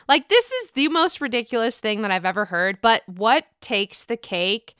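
Sassy woman recapping reality tv, bright lively voice, swears a lot. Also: on the high side, normal speed, hardly any pauses, smooth, dry recording, clean studio sound. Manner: sassy, profane, dramatic quoting of cast members. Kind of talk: casual chat, recapping episodes.

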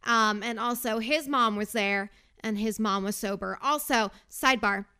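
A woman's voice: fairly high pitch, moderate pace, pushed and bright, clear, resonant tone. A young woman hosting a casual podcast, chatty and sarcastic, going off on tangents while recapping a reality show. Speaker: podcast host.

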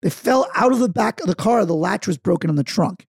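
A man, co-hosting a casual podcast and telling stories with loud acted-out quotes. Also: high-pitched, brisk, vocal fry, husky, dry recording, clean studio sound. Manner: animated storyteller, acts out quotes loudly. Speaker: podcast co-host. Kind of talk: casual chat, storytelling.

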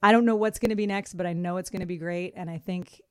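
A middle-aged woman co-hosting a casual podcast, her voice sitting a little low. She talks effusively, often restarting her sentences. The sound is dry and close. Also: fairly even intonation, fast, no room sound. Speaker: podcast co-host.

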